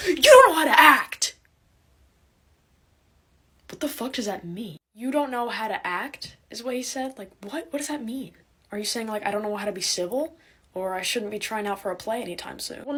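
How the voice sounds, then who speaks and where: A young woman doing a casual, sarcastic comedic monologue, animated and quick to laugh. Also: a little high, husky. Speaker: comedic creator.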